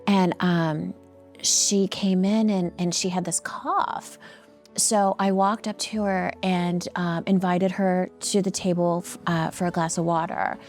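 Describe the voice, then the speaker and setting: Woman, lowish voice, earnest, halting with ums and restarts, heartfelt interview storytelling, faint music underneath. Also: flat delivery. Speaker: nonprofit founder and guest.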